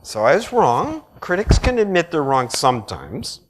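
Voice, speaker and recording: Animated Midwestern man giving a lecture. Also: mid-range voice, moderate pace. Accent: American Midwestern. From American Midwest. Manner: animated, blunt and jokey, with asides to the audience. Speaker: art critic giving a lecture. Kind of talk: public lecture to an audience. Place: lecture hall.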